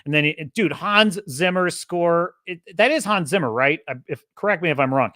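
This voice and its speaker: A man's voice: a little high, normal speed, bright, forceful tone, no room sound, studio quality. A man hosting a podcast, talking through a film review in a rambling, enthusiastic way and correcting himself as he goes. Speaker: podcast host. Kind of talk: casual film review monologue.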